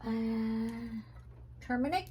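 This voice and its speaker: A woman with a Texas-Tennessee Southern drawl chats in a rambling, casual way, slow and unhurried in her delivery, with a somewhat high voice. She is recording a home vlog indoors. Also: lively intonation, mellow, a little hiss or hum. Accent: mixed Texas and Tennessee Southern US. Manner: chatty, rambling, says she talks fast. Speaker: vlogger showing her herb shelf. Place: indoors at home, rain outside.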